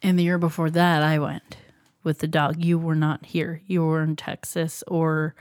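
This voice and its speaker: A woman's voice: low voice, level tone, normal speed, a little mellow, clean tone, no echo. A woman in her thirties co-hosting a podcast in casual chat, dry and teasing, saying she is always tired. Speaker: podcast co-host.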